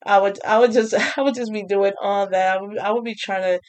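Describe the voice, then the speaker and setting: A woman's voice: mid-range voice, fairly even intonation, a little fast. A young woman telling a casual storytime, chatty, with frequent laughs and restarts. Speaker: vlogger.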